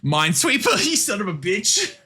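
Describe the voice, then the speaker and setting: Husky, lively-voiced male streamer. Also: high-pitched, normal speed. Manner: excitable, swears often, laughs a lot. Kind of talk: casual livestream chat while gaming.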